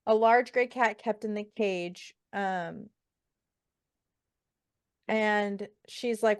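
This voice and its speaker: A woman co-hosting a casual book podcast, her voice smooth and clear. She swears freely and animates the scenes she recaps by quoting the characters. The sound is dry and close, with no room echo. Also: mid-range voice, slow. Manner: profane, animated retelling with quoted character lines. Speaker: podcast co-host.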